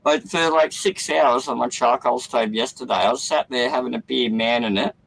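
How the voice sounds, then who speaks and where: A man's voice: medium pitch, moderate pace, creaky, fairly bright tone, low-quality recording. A man with an Australian accent calling in as a guest, rambling and joking with some swearing. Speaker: guest caller. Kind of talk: casual chat.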